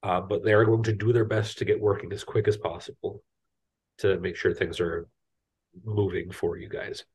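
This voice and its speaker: A man's voice: deep voice, little pitch movement, normal speed, darkish tone, husky. A man running a tabletop game as game master, casual and loose with plenty of restarts. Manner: casual, many fillers and restarts.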